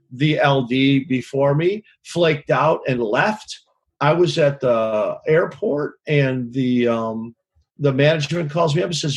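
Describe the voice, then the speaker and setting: Husky-voiced man telling frank road stories. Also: a little high. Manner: rambling, frank, swears, keeps asking "you know what I mean?". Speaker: touring concert lighting director. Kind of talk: casual interview storytelling.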